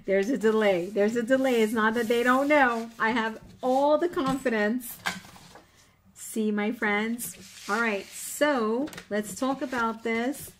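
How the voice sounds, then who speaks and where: A woman's voice: fairly high pitch, takes it slowly, slight background noise. Chatty woman teaching a craft class. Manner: chatty and encouraging, teasing the viewers. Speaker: scrapbooking instructor. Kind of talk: live online craft class.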